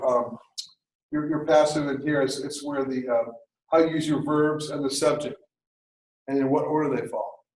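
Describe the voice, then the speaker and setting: A man teaching a writing workshop in a classroom, lecturing in a lively, conversational way with jokey asides. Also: a little high, roomy sound, a little hiss or hum, low-quality recording. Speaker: writing instructor.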